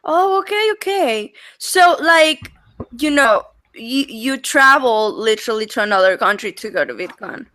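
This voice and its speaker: A bright, fairly high-voiced young woman with a Mexican accent chats on a video call as the host. She talks in an animated way, full of fillers and quick laughs. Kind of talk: casual online chat.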